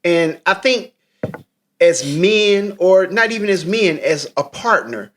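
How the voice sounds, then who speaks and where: Earnest high-voiced man. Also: expressive, takes it slowly. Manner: earnest, emphatic, repeats for stress. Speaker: podcast co-host. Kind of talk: supportive personal chat.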